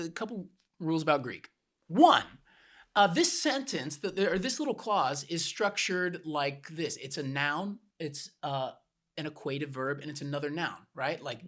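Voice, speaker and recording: Slow-talking man explaining step by step. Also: on the high side, a bit bright. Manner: patient, explains with plain everyday examples. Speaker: podcast co-host. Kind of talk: teaching explanation on a podcast.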